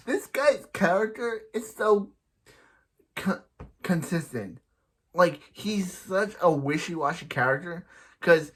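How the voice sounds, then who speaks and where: Casual young male film reviewer, rambly, slightly high-pitched. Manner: rambling, repeats and restarts, quotes characters in quick paraphrase. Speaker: movie reviewer.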